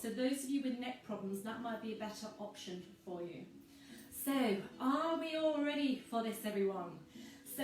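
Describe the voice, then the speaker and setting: A woman leading a pilates workout, giving calm, encouraging cues timed to the breath. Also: on the high side. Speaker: pilates instructor. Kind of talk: guided workout instruction. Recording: echoey room from far off with music.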